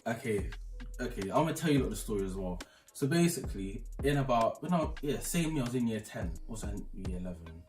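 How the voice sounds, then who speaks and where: Young British guy, a low voice, lively storyteller, sits back from the mic, some faint music underneath. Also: quick pace, reverberant, distant mic. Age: young adult. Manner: rambling and animated, retelling the story with quotes. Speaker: channel host. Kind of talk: casual storytelling chat. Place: front room at home.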